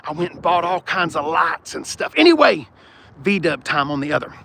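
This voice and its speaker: A man's voice: a little high, sing-song, normal speed, vocal fry, a bit bright. A man hosting a live car-lot stream outdoors, talking bluntly and joking with viewers, with no microphone and wind hitting the mic. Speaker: car channel host. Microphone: no external mic, wind on the mic.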